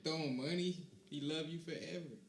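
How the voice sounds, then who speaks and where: A young man co-hosting a podcast, chatting casually in a laid-back, rambling way that often trails off quietly. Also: on the high side, fairly quick. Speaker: podcast co-host. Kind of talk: casual chat. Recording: roomy with faint hiss.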